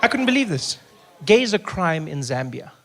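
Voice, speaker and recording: A man from Africa, telling stand-up stories in an animated way and acting out the people he meets. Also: fairly high pitch, moderate pace, a crowd in the background. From South Africa. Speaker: stand-up comedian. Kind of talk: stand-up comedy storytelling.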